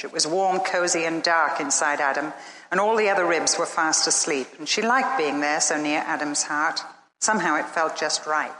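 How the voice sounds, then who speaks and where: A woman preacher giving a sermon and telling a story, earnest and emphatic with slow, dramatic pauses. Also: mid-range voice, pushed and bright. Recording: echoey hall.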